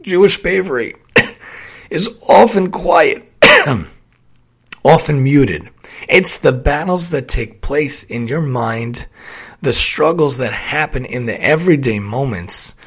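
A man's voice: mid-range voice, lively intonation, slow pace, husky. Earnest man reflecting, rising to emphatic peaks. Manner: earnest, repetitive, builds to loud emphatic peaks. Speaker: occupational therapist sharing reflections. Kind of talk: casual spoken reflection.

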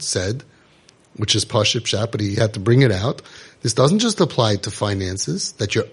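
A man's voice: mid-range voice, slightly rough. A man giving an impassioned religious lecture to parents, scolding and rhetorical, sprinkling in Hebrew and Yiddish terms.

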